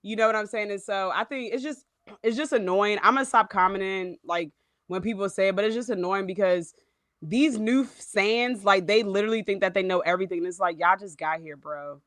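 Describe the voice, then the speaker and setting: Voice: mid-range voice, brisk, fairly bright tone, no echo, studio quality. A podcast co-host talking in a blunt, exasperated way in casual chat and announcing a contest. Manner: blunt, exasperated, says bro.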